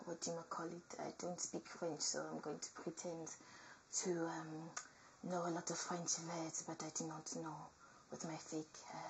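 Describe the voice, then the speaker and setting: A woman reading a nursing workbook aloud as comedy, with theatrical asides that swing between whispers and loud outbursts. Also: fairly low pitch, a little hiss or hum, poor audio.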